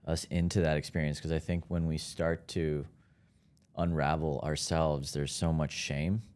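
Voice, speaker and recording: Deep smooth-voiced male host. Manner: calm, measured, affirming. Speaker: podcast host. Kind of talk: reflective interview talk.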